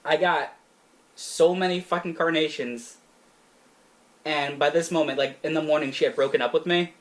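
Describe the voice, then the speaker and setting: A young man spins a crude anecdote on a casual podcast, swearing and laughing as he goes. His voice sits a little high for a man and comes across close to the mic. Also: moderate pace. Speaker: podcast co-host. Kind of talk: casual chat.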